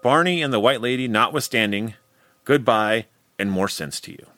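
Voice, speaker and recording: Male narrator reading a cunning, scornful stranger in a storybook, bright voice. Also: mid-range voice, normal speed, no echo, lightly acted. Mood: sneering. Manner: sneering, skeptical. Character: sly, cruel traveling stranger.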